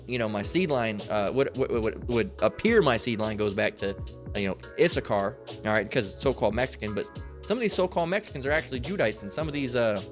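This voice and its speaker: A man giving rambling scripture commentary, profane and emphatic, with many restarts and tag questions. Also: medium pitch. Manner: profane, emphatic, full of restarts and "all right?". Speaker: religious commentator.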